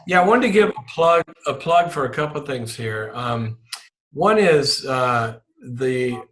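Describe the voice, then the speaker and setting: A man from Mississippi with a Southern US accent, a guest on an interview podcast, talking in an animated way that often restarts and repeats words. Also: mid-range voice, measured pace. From Mississippi, USA. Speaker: guest psychologist and leadership author. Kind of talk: podcast interview and spoken prayer.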